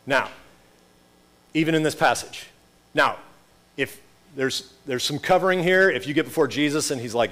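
A man's voice: on the high side, normal speed, long pauses, fairly bright tone. Conversational male pastor preaching. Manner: conversational, rhetorical questions and asides. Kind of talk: sermon.

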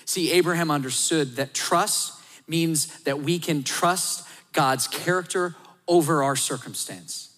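A man's voice: on the high side, a little slow. Man preaching in a reverberant hall. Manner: dynamic, drops to hushed tones for emphasis. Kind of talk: sermon.

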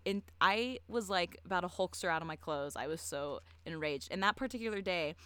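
A young woman co-hosting a podcast, telling a story in a chatty, profane way, full of "like" and quick laughs. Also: fairly low pitch, sharp tone, clean tone, no echo. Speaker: podcast co-host. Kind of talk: casual chat.

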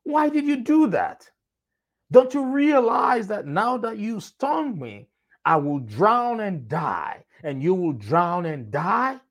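A man's voice: mid-range voice, big pitch swings, unhurried. A man voicing a frightened, trusting male frog in a told fable, with alarmed, pleading questions. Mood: shocked.

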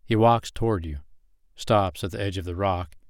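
Low-voiced man narrating an erotic audio story. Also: normal speed, dry recording, clean studio sound.

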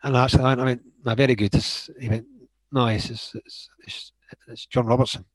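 A middle-aged Scottish man, a former footballer, telling stories in a lively way, acting out what others said and laughing along. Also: mid-range voice, a little fast, no room sound. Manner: animated, acts out quoted dialogue, laughs often. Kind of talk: storytelling anecdotes in conversation.

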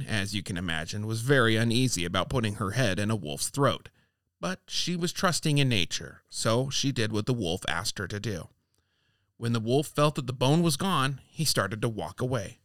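A man's voice: on the low side, dry recording, clean studio sound. A man co-hosting a casual podcast, reading old fables aloud in a playful way and bantering with his co-host. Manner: playful, reads quoted lines with lively voices. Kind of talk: casual chat and storybook reading.

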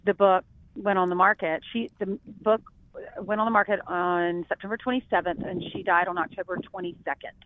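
A woman's voice: fairly low pitch, steady tone, a little fast, dry recording. A middle-aged woman from South Carolina, a TV news anchor guest, telling personal stories in an earnest, heartfelt way with many restarts. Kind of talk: emotional personal storytelling. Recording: dry, tinny phone-like line.

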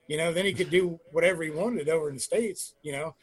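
Middle-aged man, husky tone, high pitch, profane interview storyteller, acts out quotes. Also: fast talker, hardly any pauses. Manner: trailing fillers and restarts. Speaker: interview guest, former pro wrestler. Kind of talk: casual storytelling.

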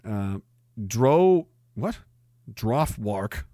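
Profane, lively male streamer. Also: lowish voice, very slow, dry recording, clean studio sound. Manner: profane, sardonic, laughs often. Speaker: livestream host reading chat. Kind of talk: casual chat.

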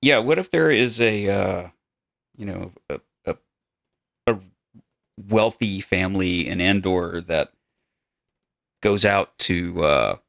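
A man's voice: low voice, lively intonation, slow, vocal fry, long pauses, a bit bright, no echo, studio quality. A man on a podcast panel, telling a joking story in casual chat. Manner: playful, spins a joking story.

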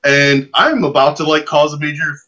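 A man with a higher-than-average voice talks at normal speed as a podcast guest. His long, easygoing anecdote comes alive as he performs the other characters' lines and his own, though the recording is muffled and lo-fi.

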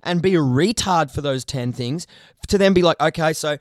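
Young Aussie male co-host, high pitch, dry close sound, sweary rambling casual chat. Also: normal speed, a little mellow, dry recording. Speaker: podcast co-host, video creator.

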